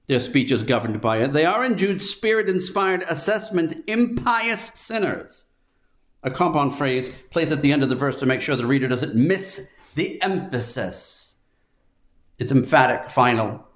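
A man's voice: medium pitch, roomy sound, dull audio. A man preaching a sermon in an emphatic, declamatory way, stacking phrases with rising force.

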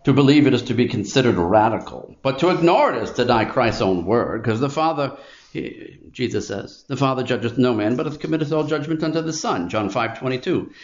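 A man's voice: mid-range voice, animated, brisk, reverberant, lo-fi sound. A man preaching a sermon in an emphatic, declamatory way, stacking phrases with rising force.

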